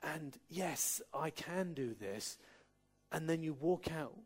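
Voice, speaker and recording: A man preaching a sermon in a slightly higher-than-usual voice. He talks earnestly, stumbles and restarts, and breaks into light humorous asides. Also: expressive, slow pace, slightly rough. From Cornwall, England.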